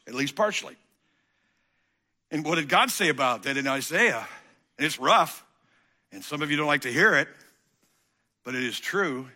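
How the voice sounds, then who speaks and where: Guy preaching hard, slightly high voice, really sharp and forceful, goes loud then low and intense. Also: expressive, moderate pace, long pauses. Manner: swings between loud emphatic passages and quiet intense ones; acts out quoted voices of listeners. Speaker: pastor. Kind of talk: sermon.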